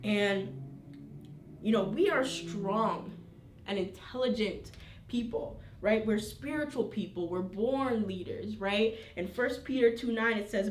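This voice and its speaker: A woman's voice: mid-range voice, takes it slowly, slight background noise. Woman teaching scripture in an echoey room. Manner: conversational, frequent tag questions, reads scripture aloud. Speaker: Bible teacher. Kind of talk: informal Bible study teaching. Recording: roomy, distant mic.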